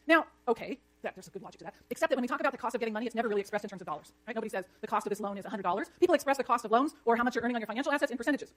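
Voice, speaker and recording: A woman lecturing an economics class, brisk and jokey, scolding the chatter when it gets too loud. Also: a little high.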